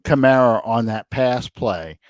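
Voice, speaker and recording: A middle-aged man co-hosting a casual sports chat from home, rambling and excitable as he tells his stories. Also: medium pitch, measured pace, dry recording. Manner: excitable, rambling, animated storyteller. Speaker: podcast co-host. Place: home, room with a TV.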